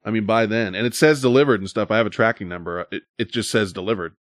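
In a casual chat, a man tells a long, wandering, exasperated story and swears freely. His voice is on the low side and fast, recorded in studio quality with no room sound.

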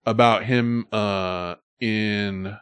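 Profane, animated male storyteller. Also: lowish voice, extremely slow, clear, resonant tone, dry recording. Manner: profane, animated storyteller who shouts when acting out scenes. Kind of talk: casual storytelling chat.

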